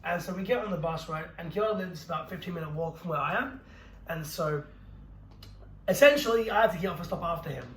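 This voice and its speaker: A man's voice: on the high side, lively intonation, a bit bright. A young man co-hosting a podcast, telling a story in casual chat, swearing freely and laughing through it. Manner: brisk, profane, laughs through his own story. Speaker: podcast co-host. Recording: roomy echo with faint noise.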